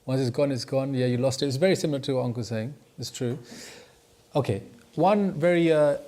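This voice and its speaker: A man teaching a class, stressing key words and slowing down to drive points home. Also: mid-range voice, dark tone. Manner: emphatic, stretches key words to stress them. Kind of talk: classroom lesson.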